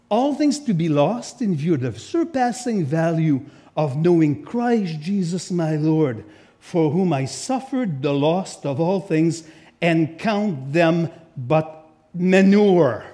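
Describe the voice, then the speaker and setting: High-voiced, playful male preacher. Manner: animated and playful, joking with the congregation; reads scripture aloud with emphatic asides. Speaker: guest preacher. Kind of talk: sermon. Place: church sanctuary.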